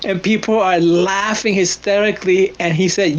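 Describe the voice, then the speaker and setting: A man's voice: sits high, steady tone, moderate pace, few pauses, muffled recording. A man hosting a casual stream, animatedly telling funny stories and acting out his friends' lines. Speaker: stream host. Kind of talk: casual storytelling.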